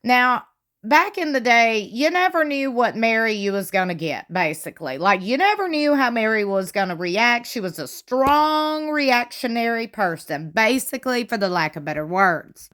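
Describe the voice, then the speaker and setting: A woman giving chatty, gossipy commentary on a reality show, retelling what was said with lively emphasis. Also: on the high side, moderate pace. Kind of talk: casual commentary.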